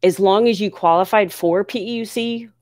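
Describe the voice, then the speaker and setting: A woman from the United States hosting a casual livestream, reading viewer comments aloud and answering questions in an excitable, chatty way. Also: medium pitch, normal speed, no echo, clean studio sound. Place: home near Philadelphia.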